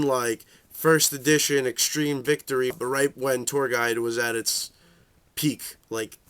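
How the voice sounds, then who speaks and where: A young man rants casually at medium pitch, swearing freely and padding his sentences with fillers. He rambles from one point to the next in a loose, unscripted way. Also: a bit bright. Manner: profane, rambling, full of fillers; shifts into high voices for quoted reactions. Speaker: card game vlogger. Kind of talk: casual rant.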